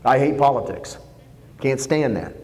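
A man preaching a sermon, animated and jokey, acting out quotes as he goes. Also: medium pitch, a little slow, in a large hall. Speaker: pastor.

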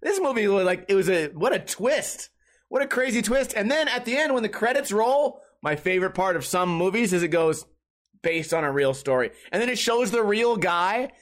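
A man's voice: high voice, animated, normal speed. Rambling, profane podcast man. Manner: rambling, profane, jokey movie talk. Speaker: podcast host. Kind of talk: casual podcast monologue.

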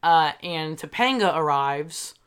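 A woman co-hosting a casual chat, retelling a story in a halting, unhurried way. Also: low-pitched, expressive, crowd noise. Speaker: podcast co-host.

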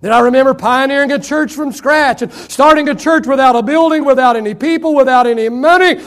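High-voiced middle-aged pastor preaching. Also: male voice. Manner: swings between loud shouted emphasis and soft, hushed asides; drawn-out, slowed phrases for emphasis. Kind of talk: sermon.

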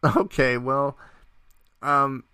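Bright, clear-voiced man telling a story. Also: mid-range voice, drawn-out words, no echo, studio quality. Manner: laughs often, animated storytelling. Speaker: podcast host. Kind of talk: casual gaming podcast chat.

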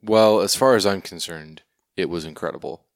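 Deep-voiced man hosting a podcast. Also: normal speed, no room sound, studio quality. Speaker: podcast host leading the discussion. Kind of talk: casual podcast chat.

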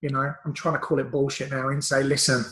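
A man's voice: medium pitch, completely flat delivery, fast talker, fairly bright tone, reverberant. A male podcast host speaking earnestly and emphatically in casual chat.

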